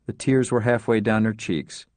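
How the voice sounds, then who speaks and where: A man narrating a story as an audiobook in a measured, understated way. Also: lowish voice, darkish tone, no room sound.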